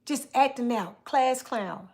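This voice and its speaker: A woman's voice: high voice, takes it slowly, a little mellow. A woman, talking loosely to her livestream viewers. She teases people playfully, repeats herself for emphasis and drifts from one aside to the next. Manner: playful teasing, repeats phrases, loose colloquial speech. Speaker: livestream host. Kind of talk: casual livestream chat with viewers.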